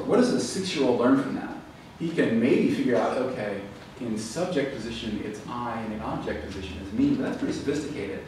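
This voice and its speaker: A man giving a lively, conversational public lecture to a library audience, then taking questions. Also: medium pitch, fast. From American South. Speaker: author giving a library talk. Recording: roomy echo, distant mic, faint background noise.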